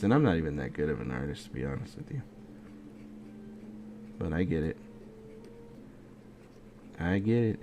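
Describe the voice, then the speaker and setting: A man's voice: low-pitched, creaky. A man casually rambling at midnight as he draws, sleepy and yawning, talking half to himself. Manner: relaxed, rambling, muttering to himself. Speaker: video creator drawing. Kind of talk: casual late-night drawing chat. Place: home art setup at night. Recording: noticeable background noise.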